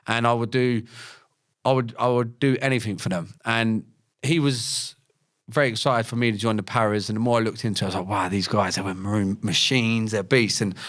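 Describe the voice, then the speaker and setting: A man's voice: medium pitch, a bit bright. Blunt, slangy man. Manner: blunt, slangy, swears freely. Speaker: podcast guest, former paratrooper and fighter. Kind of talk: casual storytelling interview.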